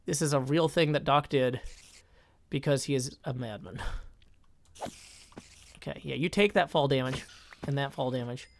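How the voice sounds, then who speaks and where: A man streams a game live, chatting casually at a normal speed in a medium-pitched voice with vocal fry and long pauses. He thinks aloud, cuts himself off mid-sentence, and answers chat as he gives casual commentary. Slight background noise is present.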